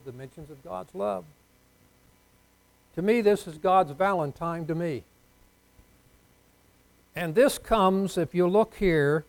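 A man preaching a sermon, leading the congregation in call-and-response and swinging between soft asides and loud, emphatic lines. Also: high voice, poor audio. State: unwell.

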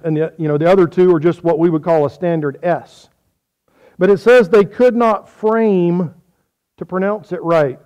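Guy preaching, folksy and jokey, kinda high voice, keeps asking the crowd stuff. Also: a little mellow. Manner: folksy, joking, quizzing the audience. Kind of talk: sermon with audience questions.

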